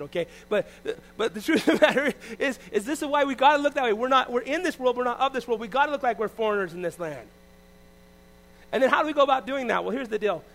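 High-voiced animated male preacher. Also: slight background noise, poor audio. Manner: animated preaching, swinging between loud and hushed. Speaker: pastor. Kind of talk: sermon.

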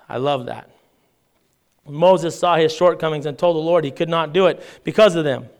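High, smooth-voiced male preacher. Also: fairly quick. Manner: reads scripture aloud with lively asides and paraphrase. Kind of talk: sermon with scripture reading.

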